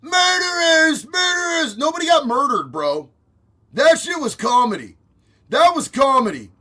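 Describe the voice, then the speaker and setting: A man streaming reaction commentary in a profane, gleeful, often shouted way. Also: very high voice, big pitch swings, moderate pace, noisy background.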